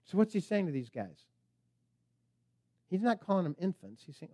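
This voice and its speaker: A man's voice: sits high, very animated, moderate pace, long pauses, mellow, no echo, clean studio sound. A man preaching a sermon as pastor, emphatic and preacherly, at times speaking the tempter's lines.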